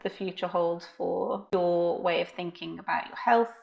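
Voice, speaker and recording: A woman's voice: lowish voice, steady tone, moderate pace, gravelly, dull audio. A woman hosting a podcast, moving from a scripted welcome into casual, encouraging chat with her guest. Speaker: podcast host.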